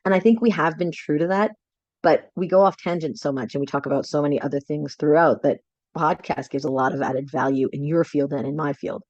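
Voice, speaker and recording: A woman's voice: deep voice, a little fast, a little mellow, dry recording, lo-fi sound. Enthusiastic woman co-host on a video call. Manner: enthusiastic, laughs often. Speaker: podcast co-host. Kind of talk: casual chat.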